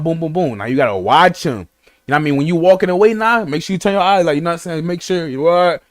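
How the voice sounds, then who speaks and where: Animated young man in slangy reaction chat. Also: fairly high pitch, quick pace, dry recording, studio quality. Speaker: streamer reacting to a story video. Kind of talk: casual reaction commentary. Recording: music playing behind.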